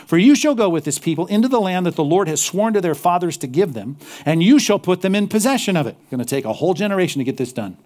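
Animated preaching man. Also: high voice, fast talker, few pauses. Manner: animated, dropping to quiet, intense emphasis. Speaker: pastor. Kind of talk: sermon.

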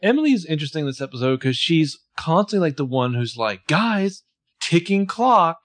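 Animated man chatting about a show. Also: medium pitch, fast. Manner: animated, chatty, playful asides. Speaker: podcast co-host recapping a TV episode. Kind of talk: casual chat.

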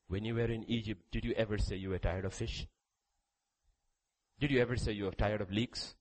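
A man preaching a sermon, reading scripture aloud, with sudden loud rises and quiet drops. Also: fairly low pitch, fairly quick, poor audio. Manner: reads scripture aloud with emphasis.

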